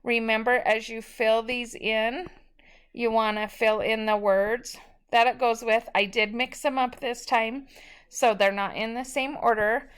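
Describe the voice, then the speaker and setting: A woman's voice: on the high side, fairly even intonation, unhurried, a bit bright, clean tone. A woman teacher giving a recorded spelling lesson, patiently sounding out each word syllable by syllable.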